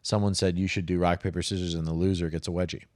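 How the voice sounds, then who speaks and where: Low-voiced man rambling in podcast banter. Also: level tone, darkish tone, no room sound, clean studio sound. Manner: rambling, self-interrupting, quick to laugh. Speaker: podcast co-host.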